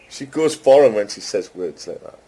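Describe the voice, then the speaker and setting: Brief: man, mellow husky tone, teasing casual talk with a voice assistant. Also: lowish voice, animated. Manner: amused, teasing, speaks slowly and deliberately to the machine. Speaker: host testing a voice chatbot. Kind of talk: casual chat with an AI.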